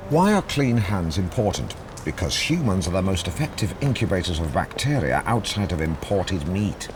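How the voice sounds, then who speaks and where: A pompous, blundering middle-aged radio host, who stumbles and corrects himself mid-sentence. His pitch swoops up and down with lively swings as he presents his show. He sounds smug and cheerfully clumsy. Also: background noise. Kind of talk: sitcom radio-show acting.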